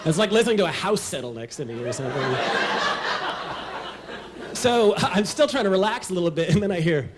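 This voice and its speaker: A man's voice: high voice, animated, fairly quick, pauses often, very noisy. A man telling a personal story at a live storytelling show, wry, comic and self-deprecating.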